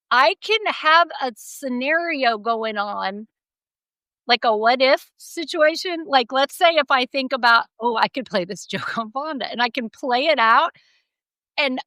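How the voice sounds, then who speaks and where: Bright, animated middle-aged woman. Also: high-pitched, smooth, no room sound, low-quality recording. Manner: animated storyteller, laughs often, acts out quotes. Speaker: podcast co-host. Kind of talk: casual chat.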